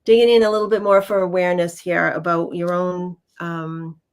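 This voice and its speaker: A woman co-hosting a casual livestream as a card reader, speaking in a halting way with frequent ums and restarts. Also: fairly low pitch, flat delivery.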